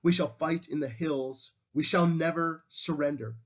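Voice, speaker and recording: A man reading aloud as a defiant male wartime leader, delivering a rousing speech with solemn, measured oratory. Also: on the high side, pitched above the performer's own voice. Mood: resolute.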